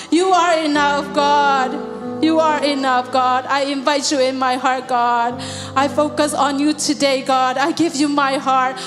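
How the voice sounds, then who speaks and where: High-voiced woman leading fervent prayer. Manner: repeats God after each phrase, swells into singing. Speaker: prayer leader. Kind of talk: fervent spoken prayer in a church service. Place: church hall. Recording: long hall reverb with soft music behind.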